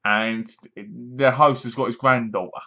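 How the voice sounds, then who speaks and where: A man's voice: mid-range voice, steady tone, unhurried, sharp tone. A man casually reviewing a horror film, rambling and sarcastic, with many restarts. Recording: dull lo-fi home recording.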